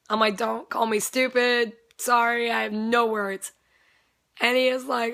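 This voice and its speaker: A young woman vlogs in a rambling, excitable chat and swears freely along the way. Her voice sits a little high and has a bright, sharp edge. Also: moderate pace. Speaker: vlogger. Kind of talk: casual chat.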